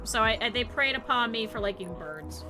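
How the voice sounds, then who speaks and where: Excitable woman streamer, rambling and bright, slightly high voice, faint music underneath. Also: moderate pace. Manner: excitable, rambling, swings to loud outbursts. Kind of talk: casual gaming stream chat.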